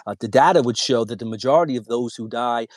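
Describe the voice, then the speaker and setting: A man's voice: mid-range voice, fast, dry recording, studio quality. A man from New York arguing in a heated debate, cutting in repeatedly to hold the floor and lay out his case step by step. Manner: interrupts with repeated "hold on", argues methodically. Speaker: debate guest.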